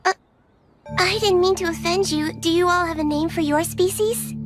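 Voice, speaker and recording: Theodora, a high-voiced young witch. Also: steady tone, moderate pace. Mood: earnest. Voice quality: polite, earnest. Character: young witch girl, polite and easily flustered. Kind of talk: anime English dub. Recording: soundtrack music behind.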